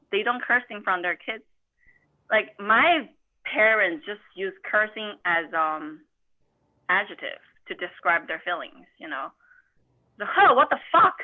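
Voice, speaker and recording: Tinny young Chinese woman doing stand-up. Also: medium pitch. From China. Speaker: stand-up comedian. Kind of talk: stand-up set over a video call. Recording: tinny phone-like audio.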